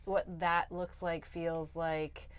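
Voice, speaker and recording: Low-voiced woman hosting an interview. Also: flat delivery, slow pace, clear, resonant tone, dry recording. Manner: reflective, asks follow-up questions. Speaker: podcast host. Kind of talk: interview conversation.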